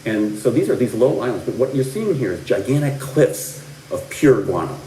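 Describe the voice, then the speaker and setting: A man's voice: medium pitch, animated, normal speed, warm tone, slight background noise. A middle-aged man from the American Midwest giving a history lecture, rambling with fillers and restarts and dropping dry asides. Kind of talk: recorded classroom lecture. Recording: roomy, distant lecture-hall recording.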